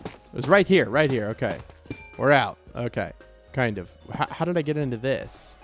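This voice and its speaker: A young man of ordinary pitch chats through his gameplay, cracking jokes and getting startled easily. He repeats phrases when flustered, with faint music underneath. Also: expressive, normal speed. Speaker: let's play gamer. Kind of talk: casual gameplay commentary.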